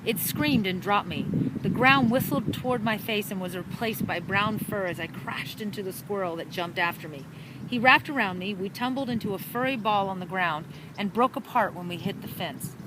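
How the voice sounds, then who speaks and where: A woman reading a children's storybook chapter aloud with an animated, dramatic delivery, recorded outdoors in a park. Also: medium pitch, normal speed. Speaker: storybook reader. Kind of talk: expressive storybook narration. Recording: outdoor park with traffic noise.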